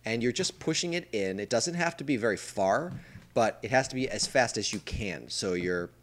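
A man's voice: medium pitch, animated, normal speed, fairly bright tone, slight background noise. A man hosting a casual podcast, enthusiastic and explaining things step by step. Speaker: podcast host.

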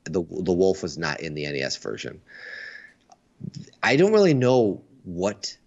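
Very deep-voiced man on a stream. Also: wildly swooping pitch, unhurried, gravelly, darkish tone. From United States. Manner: enthusiastic, restarts words often. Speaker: stream co-host. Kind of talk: casual chat. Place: Asia. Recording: dull lo-fi sound.

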